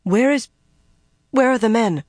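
An audiobook narrator voicing a proud, deposed middle-aged queen who speaks in a solemn, measured way, recorded dry and close. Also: medium pitch, steady tone, dry recording, close to an everyday voice. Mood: weary.

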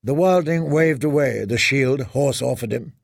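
A man narrating a fantasy audiobook in a steady, measured way. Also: mid-range voice, gravelly, dry recording, studio quality.

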